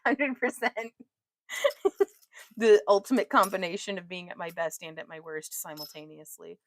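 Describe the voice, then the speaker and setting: Speaking in a lowish voice with vocal fry, a woman runs a weaving live stream, laughing and chatting with the people watching as she works. Her talk is chatty and giggly, aimed at the chat. A little hiss or hum is audible.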